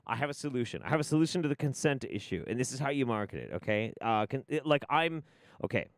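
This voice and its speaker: A man hosting a livestream who gives profane, rambling, animated commentary. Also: mid-range voice, quick pace, gravelly, dry recording. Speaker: livestream host.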